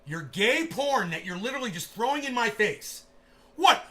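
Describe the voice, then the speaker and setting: Man, livestreamer, high voice, cutting bright tone, foul-mouthed rant, acts out scenes. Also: big pitch swings, normal speed. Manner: swears constantly, bursts into shouting; acts out both sides of scenes in quoted voices.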